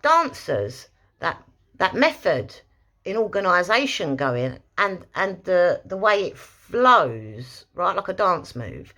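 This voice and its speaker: A woman talks through a dog-training tutorial in a loose, rambling way, her pitch leaping up and down as she goes. Her voice is bright and forceful, and she punches out quick, clipped commands to show how it should sound. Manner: chatty, rambling, snaps out sharp demo commands.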